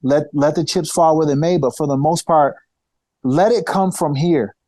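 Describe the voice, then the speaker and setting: Male podcast guest, forties, animated raconteur who repeats himself, dry close-miked studio sound. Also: on the high side, normal speed, no echo. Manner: animated storyteller, repeats and restarts phrases. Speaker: podcast guest, former fighter. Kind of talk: casual interview storytelling.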